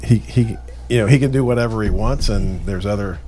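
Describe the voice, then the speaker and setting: A man's voice: on the low side, a little fast, darkish tone, slight background noise. A man, co-hosting a podcast in casual chat and rambling with lots of fillers. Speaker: podcast co-host.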